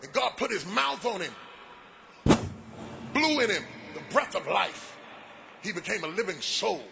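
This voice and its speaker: A middle-aged man preaching a sermon at a large event on a stage microphone, with a rhythmic delivery that builds to shouted, sing-song cadences and drops into playful folksy asides. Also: sits high, big pitch swings, unhurried, creaky, a little hiss or hum.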